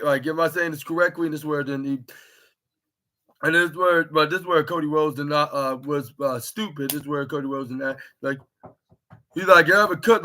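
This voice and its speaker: Young male podcast host, bright and fairly high voice, rambling casual recap full of fillers. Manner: rambling, heavy on filler words and restarts. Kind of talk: casual solo wrestling recap.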